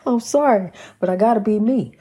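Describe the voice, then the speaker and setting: A woman's voice: medium pitch, brisk, warm tone, slightly rough. A woman hosting a Christian inspirational program, speaking in a folksy, down-to-earth way, calling listeners honey and repeating phrases with preacher-like emphasis. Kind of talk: casual spoken devotional message.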